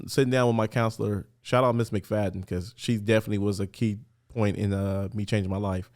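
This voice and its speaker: A man's voice: medium pitch, darkish tone. A man who is a podcast guest, candidly and earnestly telling his personal story in casual street talk in a studio.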